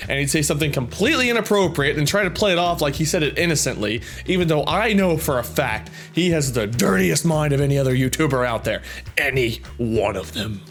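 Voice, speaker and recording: A man reading viewer comments aloud in casual chat, goofy and prone to loud silly outbursts, with a slightly sore throat. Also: a little high, lively intonation, fairly quick, faint music behind.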